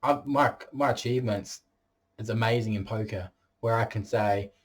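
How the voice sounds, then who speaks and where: A man's voice: on the low side, moderate pace, breathy edge. A man talking straight to camera in a vlog monologue, blunt and boastful and swearing freely. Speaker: vlogger.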